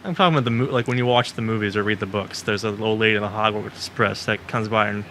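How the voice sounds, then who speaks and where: A man's voice: lowish voice, fairly even intonation, fast talker, sharp tone, slight background noise. A man co-hosting a podcast, explaining things earnestly and at length in casual banter. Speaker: podcast co-host.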